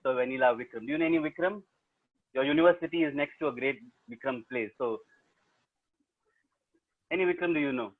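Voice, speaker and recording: This South Indian man, a storyteller by trade, leads an online story session in a playful, teasing manner, talking directly to his listeners. His mid-range voice runs a little fast, broken by long pauses. The video-call audio from his laptop mic is tinny.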